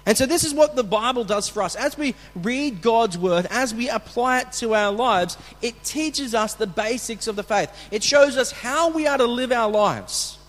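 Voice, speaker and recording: A man preaching as a pastor, talking in a conversational way with restarts and bursts of acted shouting. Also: very high-pitched, animated, moderate pace, hardly any pauses. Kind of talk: sermon. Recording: long hall reverb.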